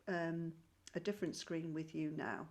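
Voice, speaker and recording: A woman's voice: low-pitched, steady tone, normal speed. A woman teaching a primary school music lesson online, patient and encouraging, clapping and chanting rhythm syllables. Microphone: screen-shared video call.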